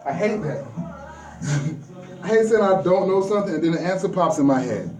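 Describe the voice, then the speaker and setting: High-voiced man in a profane spiritual rant. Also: very animated, moderate pace, darkish tone, poor audio. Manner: preachy, profane, confrontational; repeats words, trails off and restarts.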